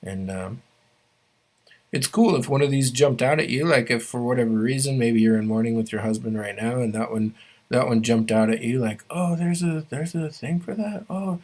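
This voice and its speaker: A man's voice: mid-range voice, moderate pace. A man teaching a language class online, talking loosely with lots of fillers and restarts while sharing his screen. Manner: relaxed, many fillers and restarts.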